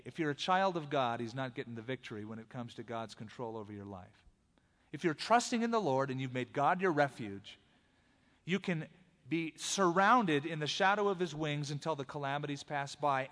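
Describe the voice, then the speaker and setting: A man preaching a sermon, telling the story in an animated, conversational way. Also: a little high. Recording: long hall reverb.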